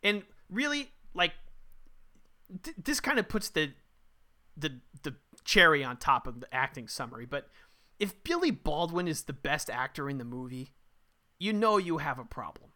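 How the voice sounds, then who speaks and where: A man's voice: a little high, sing-song, normal speed, bright, forceful tone. A man co-hosting a casual movie review podcast, ranting bluntly and profanely. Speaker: podcast co-host.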